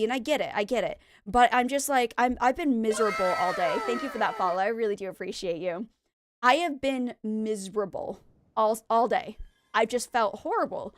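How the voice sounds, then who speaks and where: Woman, young adult, bright high voice, dry recording, casual rambling stream talk. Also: no room sound. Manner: rambling, venting, talks to chat while playing. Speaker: game streamer. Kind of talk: casual chat while gaming.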